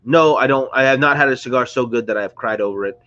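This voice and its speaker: A man's voice: medium pitch, fast talker, fairly bright tone, lo-fi sound. A man hosting a casual livestream, rambling and chatty while sounding congested and under the weather. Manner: rambling, chatty, greets viewers. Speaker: livestream host. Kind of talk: casual live-stream chat. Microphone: close to a screen or phone.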